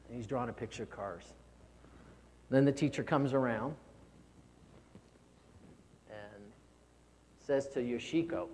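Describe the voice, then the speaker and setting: A man's voice: mid-range voice, measured pace, pauses often, darkish tone, slight background noise. A man giving a motivational keynote speech, earnest and prone to repeating words when stirred. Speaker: keynote speaker. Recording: long hall reverb.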